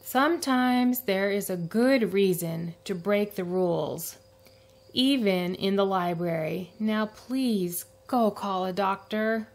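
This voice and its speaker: A woman voicing a prim, strict woman librarian in a storybook, speaking slowly and precisely. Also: mid-range voice, creaky. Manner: slow, precise, raised for calls.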